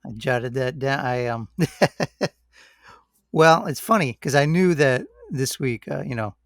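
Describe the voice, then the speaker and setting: A man co-hosting a podcast in casual chat, relaxed and rambling. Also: mid-range voice, takes it slowly, no room sound, clean studio sound. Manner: relaxed, rambling, says "like" and "you know" a lot. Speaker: podcast co-host.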